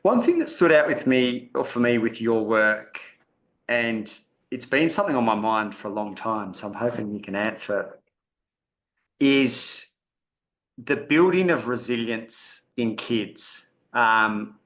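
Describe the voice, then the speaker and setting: A man's voice: medium pitch, animated, a little slow, fairly bright tone. A man hosting a podcast who asks a long question in a casual, rambling way. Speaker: podcast host.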